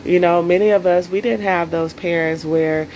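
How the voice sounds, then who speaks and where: A woman's voice: lowish voice, steady tone, normal speed, a little mellow, a little hiss or hum, rough recording. A woman coaching viewers on self-care in a solo live stream, earnest and emotional, speaking straight to her audience.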